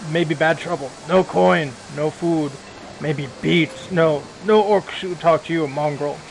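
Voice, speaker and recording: Man doing a gruff broken-speech orc laborer. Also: fairly high pitch, slow pace, slight background noise, low-quality recording. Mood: surly. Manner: broken grunting speech, loud. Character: downtrodden male orc factory laborer, blunt.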